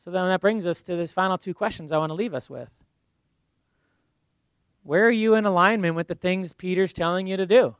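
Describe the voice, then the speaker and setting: A man's voice: high voice, no room sound. A man preaching a sermon in a conversational way, acting out little asides and ending in prayer. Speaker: pastor.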